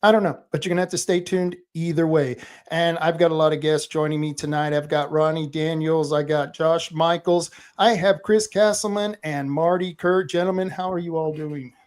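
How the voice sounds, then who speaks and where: A man's voice: on the high side, steady tone, normal speed, hardly any pauses, clear, resonant tone. A man hosting a rowdy political talk show, joking and ranting with his guests while a bit tipsy from drinking. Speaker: podcast host.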